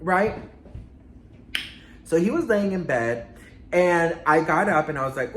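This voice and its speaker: A man telling a storytime in a sassy, dramatic way, swearing and swinging his pitch up and down. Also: lively intonation, moderate pace, pauses often, a bit bright, reverberant, a little hiss or hum. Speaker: storytime vlogger. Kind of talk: casual storytime monologue.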